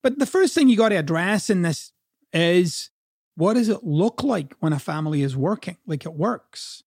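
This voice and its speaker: A man's voice: sits high, animated, moderate pace, darkish tone, slightly rough, no room sound, clean studio sound. A man from Scotland with a Scottish accent, a coach giving a blunt, profane, conversational motivational talk.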